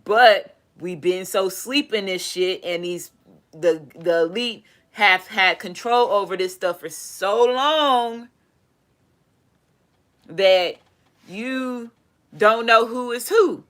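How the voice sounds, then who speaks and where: A woman doing a casual tarot reading, talking in an animated, profane way. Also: medium pitch, takes it slowly. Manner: animated, profane, laughing asides. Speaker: tarot reader.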